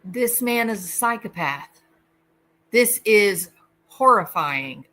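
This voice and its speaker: Slow-talking indignant woman host. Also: medium pitch, expressive, fairly bright tone. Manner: indignant, emphatic, repeats words for stress. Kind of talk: casual commentary.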